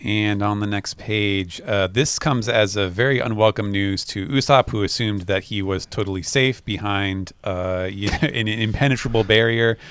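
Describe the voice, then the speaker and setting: A man with a low voice recaps a comic chapter on a casual podcast, recorded dry and close. He speaks in a relaxed way, with small laughs, and jumps into quick acted lines for the characters. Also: smooth, no echo. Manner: relaxed, laughing asides, acts out quoted lines. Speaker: podcast co-host.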